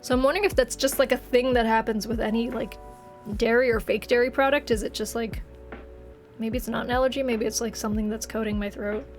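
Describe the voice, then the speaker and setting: With faint music in the background, a woman in her late twenties streams games and rambles casually to her viewers, laughing a lot. She speaks briskly at a fairly high pitch in a steady tone, her throat a bit congested and phlegmy.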